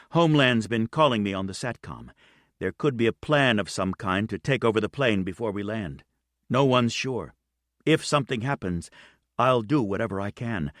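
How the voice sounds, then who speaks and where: Man doing a calm lady captain, quiet and kind, pretty low and dry. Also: no room sound. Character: calm female airline captain, patient.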